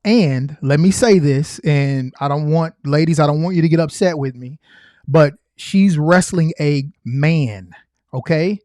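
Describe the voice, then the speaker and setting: A man talks through footage as a former state trooper, earnest and emphatic, repeating his key points. His voice sits a little high. The sound is dry and close, with no room around it. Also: measured pace, mellow, dry recording. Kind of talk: reaction commentary.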